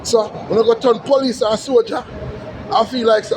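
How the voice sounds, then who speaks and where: A man's voice: extremely high pitch, fairly even intonation, moderate pace, crowd noise, noisy background. A Jamaican man with a heavy Patois accent, ranting angrily to his followers, cursing often and repeating his points. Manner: heated, cursing, repetitive, preaching to listeners. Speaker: social media commentator. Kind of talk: angry rant.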